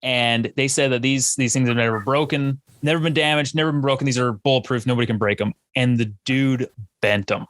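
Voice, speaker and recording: Male host, mid pitch, dry close sound, eager and rambling. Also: steady tone, fairly quick, a bit bright, no echo. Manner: rambling, restarts, enthusiastic. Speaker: podcast host. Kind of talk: casual interview chat.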